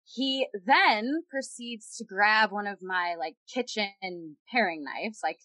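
A woman recounts a story in a loose, chatty way, her talk full of "like" and quick asides. Her voice sits at an ordinary middle pitch. The sound is dry and close, with no room echo. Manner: animated, heavy use of "like". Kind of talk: casual storytelling.

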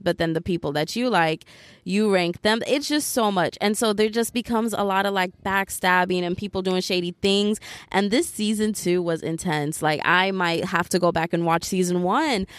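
A woman talking casually as a podcast host, chatty and animated. Her voice sits at an ordinary middle pitch. The sound is dry and close, with no room echo. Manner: chatty, animated storytelling with frequent fillers. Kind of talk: casual chat.

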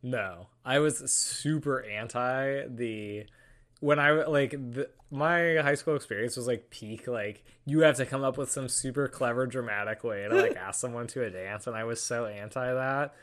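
A young man co-hosts a relaxed podcast chat. He answers in a dry, teasing way and now and then swears for emphasis. His voice sits at a medium pitch. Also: moderate pace. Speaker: podcast co-host. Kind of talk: casual chat.

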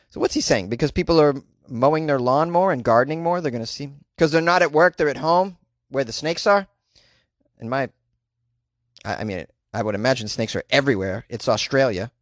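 A comedic news commentator with an animated, mid-range voice reads news stories aloud at normal speed and cracks sarcastic jokes about them. He's wisecracking and laughs at his own jokes, and there's no room sound.

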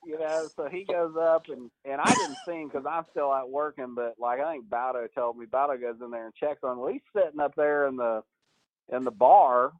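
A man, a golf coach guest, telling animated stories in a podcast interview and acting out what people said, laughing often. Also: mid-range voice, a little fast, dry recording, phone-quality sound. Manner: animated storyteller, acts out quotes, laughs often.

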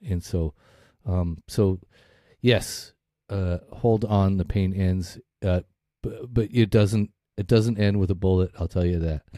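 A man's voice: deep voice, steady tone, unhurried, hardly any pauses, dark tone, no echo, clean studio sound. Profane rambling man on a podcast. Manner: rambling, profane, laughs often. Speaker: podcast co-host. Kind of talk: casual recovery podcast chat.

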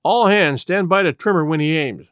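A man's voice: on the high side, normal speed, a bit bright, clean tone, no room sound, studio quality, lightly acted. A man voicing a stern middle-aged ship's captain who gives clipped, commanding orders in an audiobook. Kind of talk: audiobook character voice.

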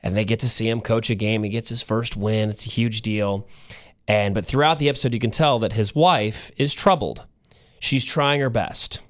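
A man's voice: on the low side, moderate pace. A man co-hosting a talk show, retelling a TV episode in a casual, storytelling way. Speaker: radio show co-host. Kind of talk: casual chat.

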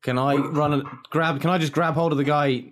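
A man's voice: fairly high pitch, fairly even intonation, brisk. A man playing a tabletop game, eager and joking. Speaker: player. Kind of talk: casual tabletop play.

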